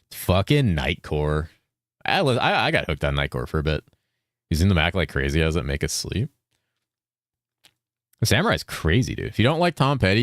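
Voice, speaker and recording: A man's voice: sits low, no room sound, studio quality. A man from California streaming a game, chatting casually with viewers, reading chat aloud, swearing and saying dude all the time. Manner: laid-back, swears often, says dude constantly, reads chat aloud.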